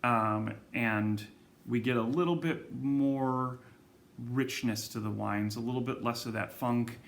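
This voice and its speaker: This is a wine shop host going over the monthly wine club picks in a casual to-camera video. His mid-range voice is creaky and slow-paced, with a little hiss or hum in the background. He chats easily, peppering his talk with ums and correcting himself often.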